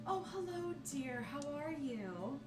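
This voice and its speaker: A woman voicing a chatty, prim older lady who teaches music, in a high, sweet and fussy manner. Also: sing-song, slow, reverberant, recorded from a distance, heavily acted.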